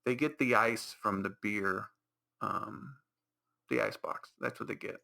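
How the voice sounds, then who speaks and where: A man's voice: fairly low pitch, a little slow, gravelly, sharp tone. A man hosting a podcast, rambling through a mocking recap of a movie with many restarts and put-on reactions. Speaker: podcast host.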